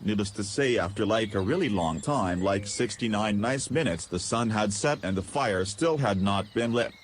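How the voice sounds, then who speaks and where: Goofy deadpan man telling a silly story. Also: fairly low pitch, moderate pace, slight background noise. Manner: goofy, deadpan, absurd humor with silly voices. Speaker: podcast storyteller. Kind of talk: comic first-person story narration.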